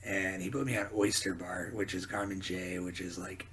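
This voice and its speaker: Low, bright-toned chef telling stories. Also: male voice, moderate pace. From New Hampshire. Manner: profane, animated storyteller acting out quotes. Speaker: guest chef. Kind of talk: casual storytelling.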